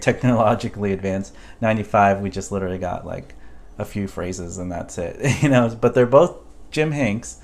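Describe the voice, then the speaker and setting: A man casually reviewing collectible toys, thinking aloud with relaxed ums. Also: fairly low pitch. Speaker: toy reviewer.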